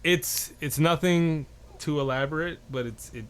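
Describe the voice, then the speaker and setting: A man's voice: on the high side, measured pace, a bit bright, a little hiss or hum. A man co-hosting a podcast in casual late-night chat, hesitant and trailing off often. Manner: hesitant, many fillers and restarts, trails off. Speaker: podcast co-host.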